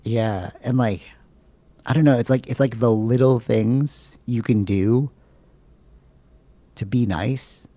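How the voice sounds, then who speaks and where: A man's voice: medium pitch, slow pace, pauses often, dark tone, dry recording. A man co-hosting a podcast, chatting casually and rambling, leaning on "like" and "bro". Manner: rambling, filler-heavy, says "like" and "bro" a lot. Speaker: podcast co-host.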